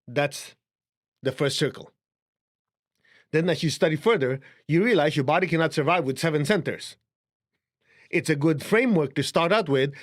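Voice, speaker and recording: A man with a Chinese accent giving a casual, conversational spiritual lesson, chuckling now and then as he explains. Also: fairly high pitch. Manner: conversational, chuckling, shows a book to camera. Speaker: spiritual teacher. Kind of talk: casual teaching talk to camera.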